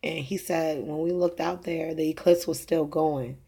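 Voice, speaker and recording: A young religious vlogger with a low, gravelly, dark and slightly rough voice speaks at normal speed with fairly even intonation. In a casual preaching monologue about faith and her kids' dreams, she rambles with fillers and restarts and laughs at her own jokes.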